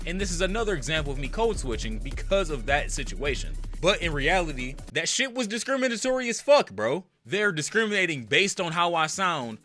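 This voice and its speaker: A man's voice: a little high, bright, forceful tone. A young man from the United States speaking candidly in a personal vlog rant. He swears freely and breaks into emphatic outbursts. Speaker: content creator.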